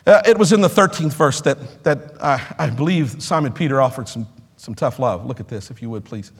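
A middle-aged male pastor preaching a sermon in a church, rising from quiet talk to shouted exhortation with call-and-response. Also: a little high, expressive, moderate pace, breathy edge, big-room sound. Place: church sanctuary.

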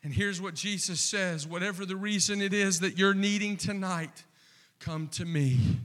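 A man preaching a sermon, slow and impassioned, building to fervent repeated refrains. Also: high voice. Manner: impassioned, rising to near-shouting with repeated refrains.

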